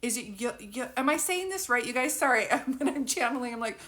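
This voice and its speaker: A woman's voice: fairly high pitch, moderate pace, hardly any pauses, a bit bright. A woman doing a psychic reading live, rambling and thinking aloud, often breaking into giggles, talking into a phone. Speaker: psychic medium. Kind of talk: live reading, casual chat.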